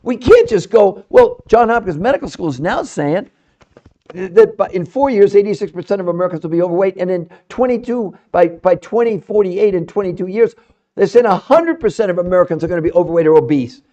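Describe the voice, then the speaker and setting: A middle-aged man hosting a live stream, speaking fiercely and insistently, sometimes dropping into quiet asides. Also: sits high, expressive, brisk. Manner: fiery and insistent, often trailing off into quiet asides. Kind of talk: energetic live-stream pitch. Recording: dull lo-fi live-stream audio.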